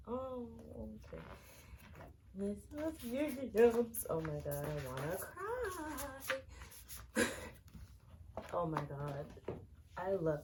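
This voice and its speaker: A woman's voice: low-pitched, noisy background. A young woman unboxing an album in a casual vlog, gushing and repeating her exclamations. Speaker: unboxing vlogger.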